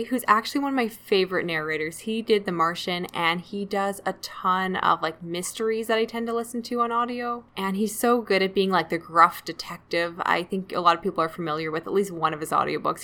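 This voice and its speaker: Bright-voiced woman chatting about books. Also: medium pitch. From Canada. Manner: chatty, self-deprecating, laughs often. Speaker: podcast co-host. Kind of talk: casual book chat.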